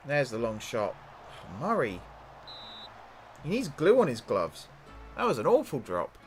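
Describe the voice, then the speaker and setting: A man with a mid-range voice speaks at a measured pace while hosting a gaming channel. He casually commentates a football management game, excitably urging on and talking to the game's players, with faint music in the background.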